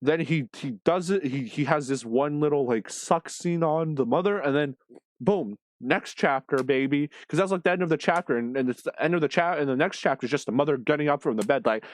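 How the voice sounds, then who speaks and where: Speaking fairly quickly in a voice on the high side, this man reviews manga with an animated, exasperated rant about a comic. His delivery is casual and full of constant profanity, and the audio has no echo.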